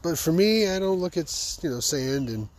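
A man's voice: on the high side, animated, moderate pace. A man in a casual comedic monologue, hosting his own show, sarcastic and laughing at his own stories. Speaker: podcast host.

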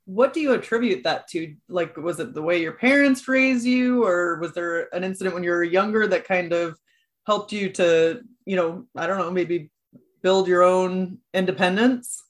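A woman's voice: lowish voice, moderate pace. A woman hosting a podcast, introducing her guest and asking eager, enthusiastic questions. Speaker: podcast host.

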